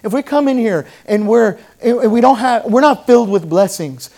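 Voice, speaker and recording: A man with a high voice preaches a sermon as pastor. He tells stories from church life, dropping to a hush and then rising to loud, fervent peaks. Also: lively intonation, moderate pace. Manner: storytelling, swinging from hushed to loud and fervent.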